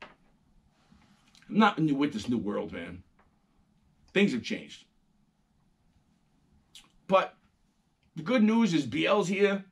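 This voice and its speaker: A middle-aged man hosts a casual monologue in a husky, slightly high voice. His pitch swings widely as he tells stories, swears freely and acts out other people's lines. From New York. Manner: animated, profane storytelling, acting out quoted voices. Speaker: host.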